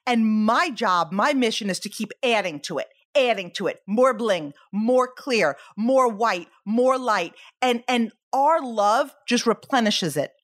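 A woman's voice: fairly high pitch, lively intonation, a little slow, hardly any pauses. A woman in her forties hosting a motivational podcast, speaking energetically with lots of rhetorical questions and check-ins like "okay?" and "right?". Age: 40s. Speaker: podcast host.

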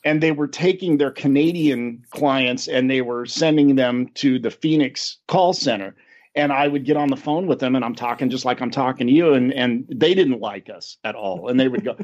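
A man's voice: mid-range voice, normal speed, darkish tone, dull audio. A man co-hosting a podcast in casual chat, laughing often and telling stories with animation. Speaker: podcast co-host.

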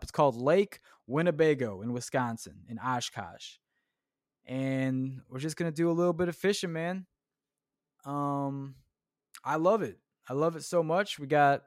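A man's voice: on the high side, no room sound, studio quality. A man hosting a solo podcast, rambling casually and tossing in "man" and "dude.". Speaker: podcast host. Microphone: clip-on shirt mic.

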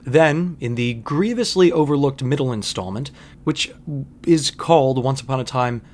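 A man's voice: medium pitch, expressive, moderate pace, a little mellow. Wry male film podcast host. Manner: wry, conversational, with frequent asides. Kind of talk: analytical film commentary monologue.

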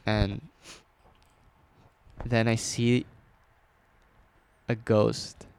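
A man's voice: lowish voice, level tone, extremely slow, vocal fry, darkish tone, clear, resonant tone. A young man telling a story in a casual chat, loose and slangy, with plenty of swearing and filler words.

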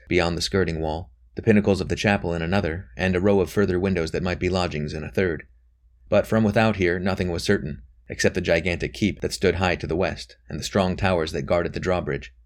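A man narrates a novel aloud. His delivery is measured and even, and his voice sits very low. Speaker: audiobook narrator. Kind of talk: scripted narration.

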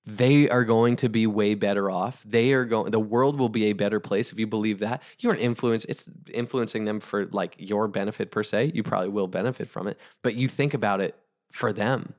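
A man giving an energetic motivational talk on sales, emphatic and repetitive, driving his points home. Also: lowish voice, fairly quick. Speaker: podcast host, entrepreneur.

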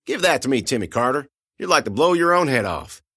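A man's voice: mid-range voice, very animated, a little fast, fairly bright tone, breathy edge, no room sound, clean studio sound, voice pushed up. A man voicing a tough young farm girl who talks bluntly and folksy.

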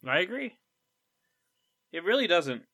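A man's voice: high voice, sing-song, measured pace, gravelly, pushed and bright, no echo. A young man co-hosting a podcast in casual chat, with dry, wry humor. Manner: dry joking, wry asides. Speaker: podcast co-host.

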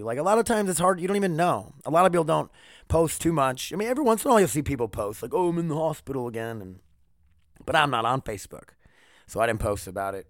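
A man's voice: a little high, lively intonation, racing, no room sound, studio quality. A man hosting a casual solo podcast, rambling and swearing with jokes, sore and tired after neck surgery. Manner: rambling, profane, joking. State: in pain after neck surgery, wearing a neck brace. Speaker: podcast host.

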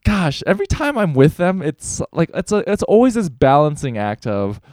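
A man's voice: a little high, huge pitch swings, moderate pace, darkish tone, no echo, studio quality. A young man co-hosting a casual podcast, telling a candid story with frequent swearing. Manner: candid, profane storytelling, voices for quoted people. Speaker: podcast co-host.

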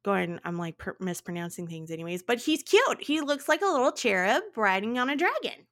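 A woman co-hosting a podcast in casual chat, animated and playful, with dramatic asides. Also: mid-range voice, brisk. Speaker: podcast co-host.

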